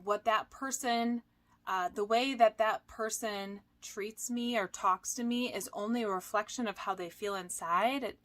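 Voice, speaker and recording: A woman coach giving casual advice, chatty and animated, with lots of fillers and playful "blah, blah" asides. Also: medium pitch. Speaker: holistic coach.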